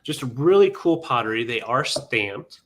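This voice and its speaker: A man's voice: mid-range voice, animated, moderate pace, fairly bright tone. A man hosting a live vintage sale stream, chatting casually with many ums and counting down bids.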